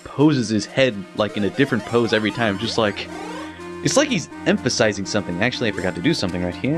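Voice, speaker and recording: A man's voice: medium pitch, low-quality recording. Young man in a profane let's play. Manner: loose, profane, laughing asides. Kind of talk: casual gameplay commentary. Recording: game music under the voice.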